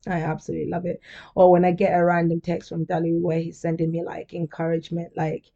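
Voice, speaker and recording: Gravelly, mellow woman podcaster. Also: lowish voice, monotone, a little fast, muffled recording. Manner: chatty and candid, laughs often, turns emotional. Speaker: podcast host. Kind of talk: casual solo podcast monologue.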